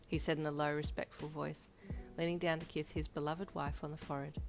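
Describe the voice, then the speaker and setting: A woman reading fanfiction aloud in a steady storybook narration. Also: low voice, quick pace, few pauses. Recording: soft lofi piano behind.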